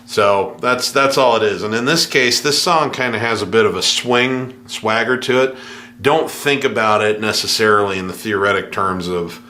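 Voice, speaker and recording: Low, bright-voiced male piano teacher. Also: normal speed, slight background noise. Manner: relaxed, scatting rhythms with nonsense syllables. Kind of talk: music lesson with spoken rhythm demos.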